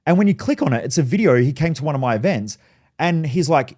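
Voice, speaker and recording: A man, a business coach, telling a story in a blunt, animated way with a lot of swearing. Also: a little high, fast. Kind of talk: casual monologue, storytelling.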